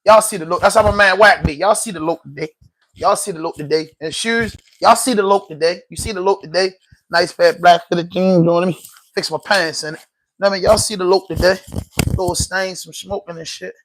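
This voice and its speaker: Man impersonating swaggering street guy, sing-song catchphrase, high voice. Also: brisk, a bit bright, slight background noise. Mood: hyped. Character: swaggering male street personality showing off his outfit.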